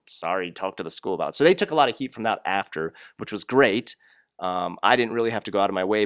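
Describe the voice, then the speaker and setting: A young man with a lowish voice rants bluntly in a casual advice vlog, swearing freely as he talks through his workplace troubles. His voice is recorded close and dry, with no room sound around it. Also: no room sound. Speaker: English teacher in Japan.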